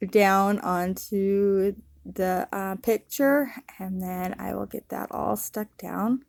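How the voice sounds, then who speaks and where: A woman narrating her scrapbooking process in a relaxed, casual voice-over, with many ums and uhs. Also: mid-range voice, takes it slowly, gravelly, dry recording, clean studio sound. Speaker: scrapbooking channel host.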